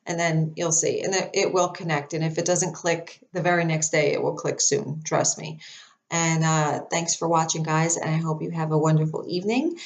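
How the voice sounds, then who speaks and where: Woman, lowish voice, chatty storyteller to camera, dry throat, lots of fillers. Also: a little fast, few pauses. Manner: chatty, animated, many fillers and restarts. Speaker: psychic medium.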